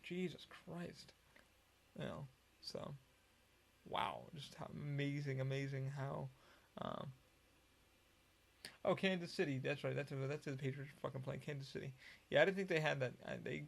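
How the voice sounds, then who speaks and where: A man's voice: medium pitch, normal speed, gravelly. A man hosting a solo podcast, rambling casually with lots of profanity and frequent restarts. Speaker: podcast host.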